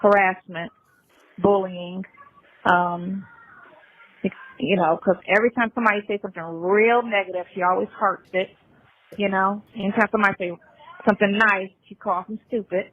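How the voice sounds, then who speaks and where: A woman's voice: medium pitch, fairly even intonation, moderate pace. A woman talking on a phone call, rambling and hesitant with many fillers. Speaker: caller in a played live call. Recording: tinny phone line.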